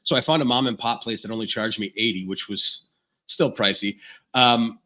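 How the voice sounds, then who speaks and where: A man's voice: fairly low pitch, moderate pace, bright, forceful tone. A man, a podcast guest from Florida, telling a long personal story in a casual, frank, rambling way, often restarting mid-sentence.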